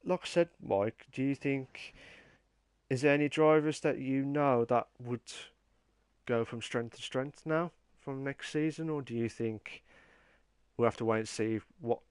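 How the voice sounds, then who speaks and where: A man's voice: mid-range voice, a little slow, clean tone, dry recording, studio quality. A man hosting a casual live-streamed podcast, rambling with many fillers and reading out viewer comments. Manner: rambling, lots of fillers and restarts. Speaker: podcast host.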